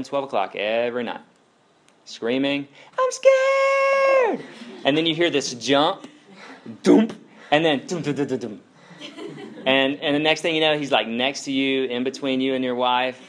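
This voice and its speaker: A man in his thirties, a pastor preaching a sermon in a conversational, animated way, full of asides and questions to the congregation. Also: medium pitch.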